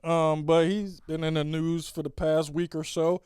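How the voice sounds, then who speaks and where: Solo podcast host, man in his thirties, high lively voice, slangy and profane, dry close sound. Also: a little slow, smooth, dry recording. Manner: animated, swings from loud exclaiming to low mutters; profane, slangy, repeats catchphrases. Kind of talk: solo casual rant.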